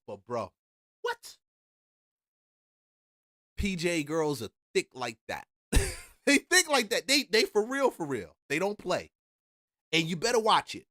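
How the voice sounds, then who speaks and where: A man from Philadelphia hosting a reaction channel, telling a casual story in an animated, slang-heavy way with laughing asides. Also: high-pitched, no room sound, studio quality.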